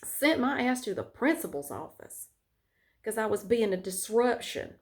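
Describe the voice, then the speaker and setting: Woman vlogger spilling a story, blunt, cusses a lot, pretty high voice. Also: sing-song, moderate pace. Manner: candid, frank with casual swearing. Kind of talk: personal storytelling.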